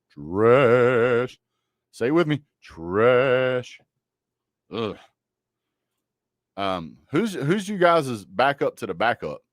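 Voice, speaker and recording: A man's voice: medium pitch, no room sound, studio quality. A man hosting a casual college football livestream, joking and trash-talking bluntly about teams and players. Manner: joking, blunt trash talk with a Southern drawl of words. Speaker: sports livestream host.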